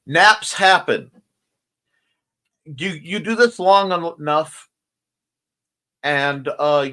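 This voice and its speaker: Very slow and pausing often, this man speaks in a sharp-toned voice on the high side while hosting a morning livestream from a home room near a window. He's sleepy and yawning, rambling and joking as he greets viewers and goes through their comments.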